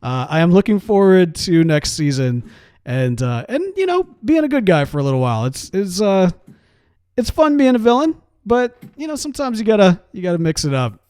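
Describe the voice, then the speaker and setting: A man's voice: high-pitched, big pitch swings, normal speed, darkish tone, smooth, dry recording, clean studio sound. A man giving casual, rambling gameplay commentary in a playful, coaxing way. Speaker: game series player.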